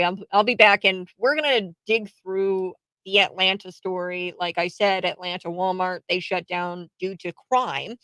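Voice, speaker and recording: A woman's voice: mid-range voice, fairly bright tone, dry recording, rough recording. Rambling conversational woman commentator, dry sound. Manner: rambling, conversational, frequent restarts and laughs. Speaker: political commentary host. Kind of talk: solo political commentary.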